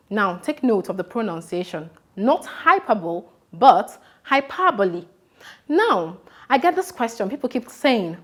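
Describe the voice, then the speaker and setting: Young nigerian woman teacher, lively swooping voice, acts stuff out big. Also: medium pitch. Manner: expressive, acts out examples dramatically. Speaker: teacher contestant. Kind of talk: classroom lesson to camera.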